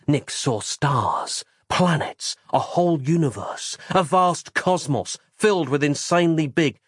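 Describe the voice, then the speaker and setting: A man's voice: medium pitch, dry recording, studio quality. Dramatic male audiobook narrator. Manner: dramatic, measured reading.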